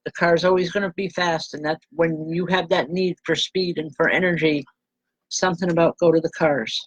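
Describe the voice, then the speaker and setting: A woman reverend giving live spirit readings to viewers, speaking gently and haltingly and calling people by name. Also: lowish voice, fairly even intonation, breathy edge, no room sound, muffled recording.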